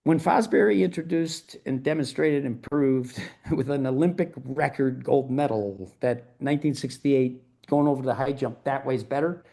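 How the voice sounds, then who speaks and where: A man's voice: medium pitch, moderate pace, creaky, mellow. A middle-aged man as an interview guest, talking in a fired-up, emphatic and profane way. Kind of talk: podcast interview.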